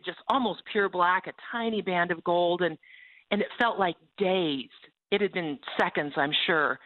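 A woman's voice: fairly low pitch, dry recording. A woman guest telling a personal story and then preaching with fervor, heard over a phone line. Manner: fervent, preaching. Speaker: guest author. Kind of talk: testimony with a sermon-like call.

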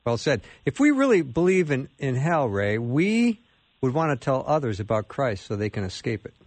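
A man's voice: medium pitch, big pitch swings, normal speed, a little mellow, no room sound. A man hosting an interview, talking in a conversational, admiring way. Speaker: interview host.

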